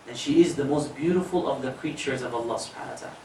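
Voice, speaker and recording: An animated preacher tells a story and jokes with his listeners. His voice is heard from a distance in an echoey mosque hall, with faint noise behind it. His pitch sits in the middle range. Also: fast talker, few pauses. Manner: animated, joking asides to the audience. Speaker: imam giving a talk. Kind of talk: storytelling sermon.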